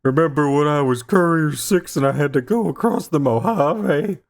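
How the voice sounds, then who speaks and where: A man voicing a whiny, desperate male soldier who begs for help in a high, strained, gravelly voice. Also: moderate pace, lightly acted.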